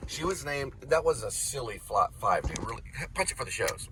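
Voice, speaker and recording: A man's voice: medium pitch, sing-song, fairly quick. A man chatting casually while driving with his wife, rambling and joking as he goes. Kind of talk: casual chat in a car. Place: inside a moving car. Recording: noisy car recording.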